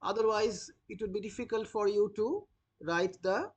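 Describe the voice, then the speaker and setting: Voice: medium pitch, normal speed, breathy edge. A teacher dictating notes for a literature lesson, repeating each phrase and spelling out words letter by letter. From India. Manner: frequent "uh" fillers when explaining.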